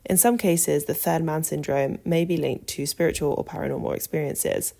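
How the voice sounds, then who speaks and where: A woman hosting a podcast, reading a script calmly and adding her own asides. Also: sits low, normal speed, gravelly. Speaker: podcast host.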